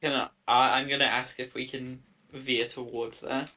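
A man's voice: medium pitch, flat delivery, normal speed, pushed and bright. A man playing a tabletop game, asking curious questions and tripping over his words. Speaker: player.

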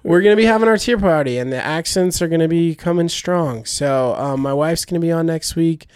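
Man, podcast co-host, slightly high voice, dry close mic, laid-back rambling chat. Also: a little fast, smooth, dry recording. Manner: relaxed, rambling with fillers.

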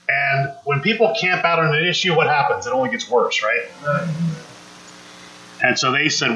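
A man's voice: a little high, expressive, normal speed, bright, forceful tone, roomy sound, dull audio. A man preaching a conversational sermon, acting out quotes and asking the congregation questions. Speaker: pastor.

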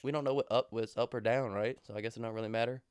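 A man co-hosting a podcast talks at a brisk clip in a clear, smooth voice. He jokes around and throws out playful questions. The sound is dry and close, with no room echo. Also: medium pitch, steady tone. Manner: joking, playful, asks lots of questions. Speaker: podcast co-host. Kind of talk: casual chat.

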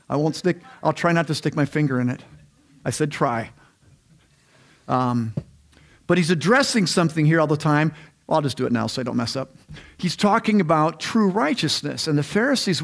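A man's voice: a little high, gravelly. A man preaching a sermon in a church, conversational and rambling, often restarting his sentences. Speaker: pastor. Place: church sanctuary.

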